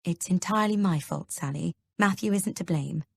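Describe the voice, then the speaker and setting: Woman reader voicing an older mother-in-law, self-assured, deliberate, low-pitched, dry studio read. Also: creaky, no room sound. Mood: composed. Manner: measured, deliberate explaining. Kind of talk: audiobook character reading.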